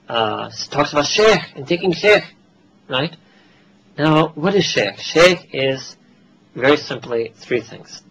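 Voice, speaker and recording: Husky man lecturing in an American accent. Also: mid-range voice, dull audio. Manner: conversational, switches into Urdu, laughs at own asides. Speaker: Islamic teacher. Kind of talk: religious lecture to a gathering.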